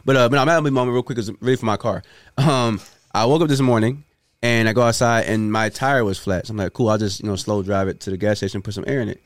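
A man's voice: fairly low pitch, steady tone, fast, no room sound. A man hosting a casual chat, telling a long story and often asking "you know what I'm saying" as he restarts his sentences. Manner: many restarts and repeated words. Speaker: podcast host.

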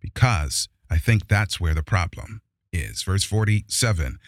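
A man preaching a sermon who reads scripture slowly and with emphasis, then explains it with force. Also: deep voice, animated, no room sound, clean studio sound.

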